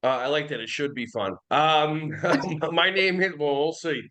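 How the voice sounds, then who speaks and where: A man's voice: fairly high pitch, a little slow, rough recording. A man in his forties from New Jersey, a guest on a podcast talking casually and energetically, sometimes slipping into silly voices. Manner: energetic, animated storyteller who breaks into silly voices. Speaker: guest, early childhood behavior trainer.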